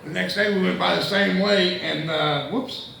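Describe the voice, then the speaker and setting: A man's voice: sits high, steady tone, normal speed, gravelly, sharp tone, recorded from a distance. A man from Indianapolis telling a profane, rambling stand-up story, stammering through restarts. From Indianapolis, USA. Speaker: stand-up comedian. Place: comedy club stage. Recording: echoey room mic heard from afar with noise.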